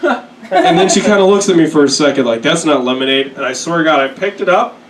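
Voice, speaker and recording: A young man performing a stand-up set, telling crude, self-deprecating stories and slipping into quick put-on voices. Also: fairly high pitch, expressive, a little hiss or hum. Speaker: stand-up comedian. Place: comedy club stage. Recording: echoey room, mic at a distance. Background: audience laughter.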